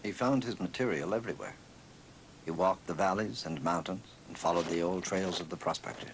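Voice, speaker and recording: A male documentary narrator reads his script in a measured, even delivery. His voice is very deep and steady throughout. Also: slight background noise, poor audio.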